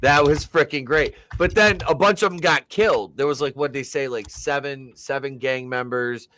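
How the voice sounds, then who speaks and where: A man in a casual movie chat, enthusiastic and rambling, often pausing on fillers. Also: medium pitch, a bit bright, a little hiss or hum.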